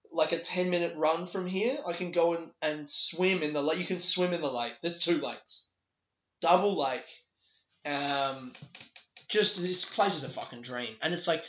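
A man with a bright, forceful, slightly high voice tells a rambling, sweary story for his solo podcast. He breaks into quick laughs. The recording is dull and lo-fi, with a roomy echo. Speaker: podcast host. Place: a bedroom in a borrowed house. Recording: echoey room, dull lo-fi sound.

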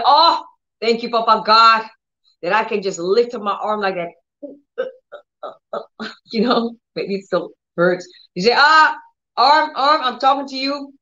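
A woman's voice: medium pitch, a bit bright, dull audio. Emphatic woman preaching divine healing. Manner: emphatic, commanding, repeats words, acts out prayers. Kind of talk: charismatic healing sermon.

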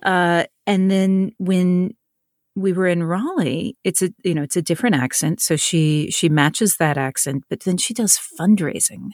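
A woman from North Carolina talks through her ideas in an interview, often circling back and repeating words as she thinks. Her voice sits a little low. The recording is dry and close. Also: unhurried, darkish tone, dry recording. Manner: thoughtful, with frequent restarts and repeated words. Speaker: author and audiobook narrator. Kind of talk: conversational interview.

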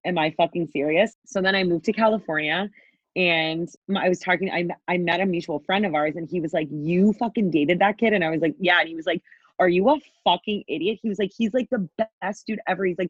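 Talking fast in a husky, low voice with fairly even intonation, a twenty-something woman on a podcast recounts a wild dating story, cursing freely and voicing the quotes. The sound is dry, dull lo-fi without echo.

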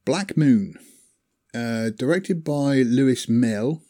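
A man's voice: medium pitch, takes it slowly, warm tone. A man chatting casually about films he has watched, rambling with fillers and small laughs. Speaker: film reviewer. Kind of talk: casual film chat.

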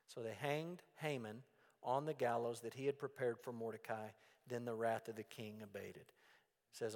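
A pastor giving a folksy, animated sermon. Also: male voice, mid-range voice, moderate pace. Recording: long reverb in a church hall.

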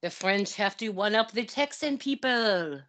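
A female podcast co-host in casual conversation. She mostly offers brief agreements and dry one-liners, and her pitch moves in a lively way. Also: unhurried. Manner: short interjections and dry quips. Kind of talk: casual chat.

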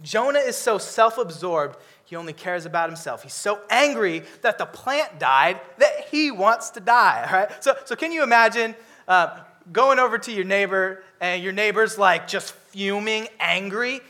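A man preaching a sermon, lively and humorous, acting out characters with comic voices. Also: high voice, moderate pace, few pauses.

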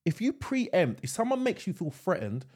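Male co-host, husky, animated, casual storyteller. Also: sits high, moderate pace. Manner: animated storytelling, frequent restarts. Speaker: podcast co-host. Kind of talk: casual chat.

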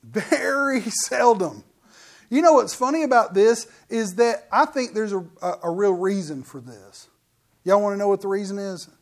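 A man's voice: high voice, normal speed. Folksy joking middle-aged preacher man. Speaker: pastor. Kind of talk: sermon.

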